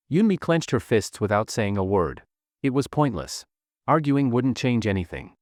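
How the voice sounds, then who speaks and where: Man narrating with a lively, swooping voice. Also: mid-range voice, moderate pace, no echo, studio quality. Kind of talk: scripted story narration.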